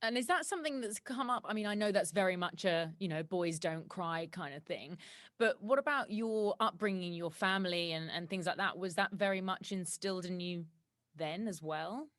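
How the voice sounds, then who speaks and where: A woman hosting a podcast, asking questions in a warm, conversational way. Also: on the low side, normal speed, dry recording, clean studio sound. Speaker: podcast host. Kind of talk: empathetic interview.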